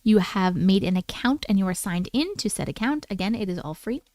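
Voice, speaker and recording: A woman's voice: medium pitch, expressive, fairly quick, a little mellow, no echo. A woman hosting a livestream, chatting casually with viewers and reading their stories aloud in a playful, chatty way that includes casual swearing. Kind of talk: casual live chat and story reading.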